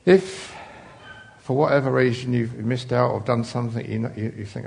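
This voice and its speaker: Guy preaching, gravelly voice, rambly and chatty, lots of ums. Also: medium pitch, normal speed, darkish tone. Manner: chatty, rambling, with many fillers and asides. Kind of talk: informal sermon.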